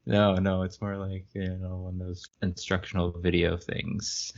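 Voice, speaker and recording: Deep gravelly man reading wryly. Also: little pitch movement, normal speed. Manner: wry, laughs at the text. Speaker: podcast co-host. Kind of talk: casual chat and reading aloud. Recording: muffled lo-fi recording.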